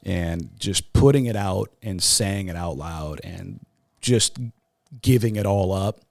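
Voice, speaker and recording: A man with a fairly low voice tells his story as an interview guest, halting and raw, often restarting his sentences. When he quotes others, his voice jumps sharply upward. The sound is dry and close, with no room echo. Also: creaky. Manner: voice jumps much higher when quoting others. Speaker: podcast guest, sports talk show host. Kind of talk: emotional personal testimony in an interview.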